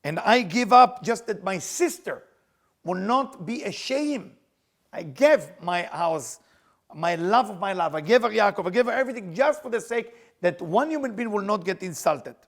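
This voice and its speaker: Grieving matriarch voiced by a man, loud, slow, indignant, high. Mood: indignant grief. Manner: loud, indignant, drawn-out pleading.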